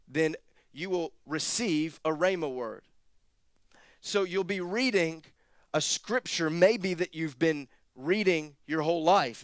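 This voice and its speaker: A man preaching a sermon, his voice a touch high and clear. He moves from easygoing, joking asides to loud, rising exhortation. The sound is close and dry, with no room echo. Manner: animated preaching, rising to near-shouted emphasis, with quick asides. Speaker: pastor.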